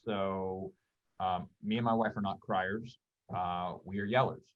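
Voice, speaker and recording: Low, rambling male guest with lots of fillers, muffled lo-fi call audio. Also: steady tone, a little slow. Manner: rambling, thoughtful, many fillers. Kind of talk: casual conversation on a video call.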